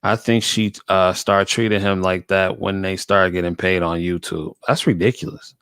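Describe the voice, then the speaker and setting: A man's voice: low voice, fairly even intonation, fairly bright tone, clean tone, no room sound. Laid-back male host, dry close mic, casual reaction talk. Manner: laid-back, drawn-out remarks, says "man" often.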